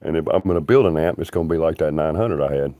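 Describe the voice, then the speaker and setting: A man's voice: extremely low pitch, fast talker, warm tone, no echo, studio quality. A man, rambling bluntly and profanely on a livestream.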